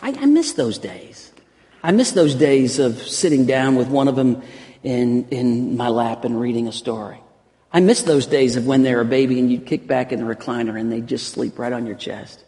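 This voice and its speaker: A man in his forties preaching a sermon as pastor, swinging from loud emphatic peaks to hushed soft lines and often repeating words. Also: mid-range voice, fairly even intonation, normal speed. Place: church sanctuary. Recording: long reverb of a large hall.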